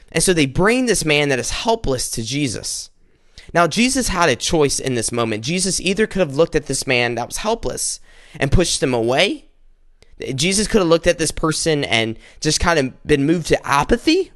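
A male preacher delivers a sermon in a casual, conversational way, often restarting and repeating his words. His voice sits somewhat high for a man. The sound is dry and close, with no room echo. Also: fairly bright tone.

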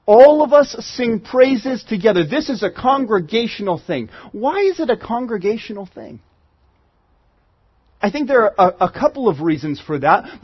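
Husky high-pitched guy preaching, chatty and earnest, dry muffled sound. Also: no echo. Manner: earnest, conversational preaching with repeated restarts. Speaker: pastor. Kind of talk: sermon.

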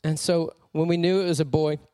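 A man preaching a sermon as a personal story, animated and laughing often as he tells it. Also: a little high, brisk, smooth, no echo, studio quality.

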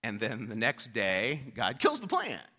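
A male pastor preaching a sermon as relaxed storytelling, talking it through casually rather than declaiming. His voice is bright and forceful, at an average pitch for a man. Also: a little slow. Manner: conversational storytelling preaching, informal.

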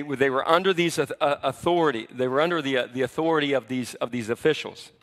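Male pastor, animated conversational sermon, highish bright voice, church hall reverb. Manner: conversational, animated, acts out quoted speakers. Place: church sanctuary.

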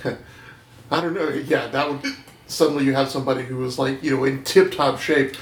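A man's voice: medium pitch, steady tone, brisk, roomy sound. A man co-hosting a casual podcast who jokes and laughs often. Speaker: podcast co-host. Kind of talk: casual chat.

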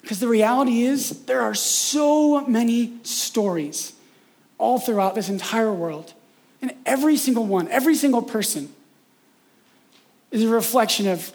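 A man preaching a sermon in a casual, conversational way, often tagging "right?" and slowing down for emphatic points. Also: sits high, darkish tone. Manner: conversational, frequent "right?" tags, acts out imagined voices. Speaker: pastor.

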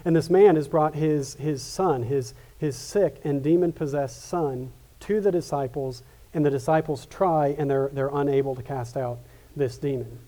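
A male pastor delivers a sermon in an earnest, conversational way, often doubling back on his words. His voice sits a little high for a man. It has a warm, mellow tone. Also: normal speed. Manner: earnest, with frequent restarts and repetitions.

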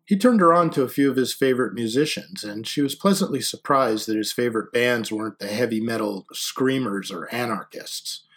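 A man narrating a novel in a measured, quiet way. His voice is husky and breathy. His pitch sits in a middle range for a man. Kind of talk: audiobook narration.

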